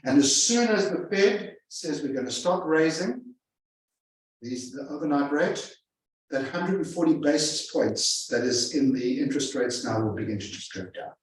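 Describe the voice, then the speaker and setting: Guy running a sales seminar, kinda high voice, super echoey hall, mic far off, keeps repeating stuff for punch. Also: expressive, moderate pace, slight background noise. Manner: emphatic, repeats phrases for effect. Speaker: real estate sales trainer. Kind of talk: live seminar presentation. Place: large room with a live audience. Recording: echoey room from a distance.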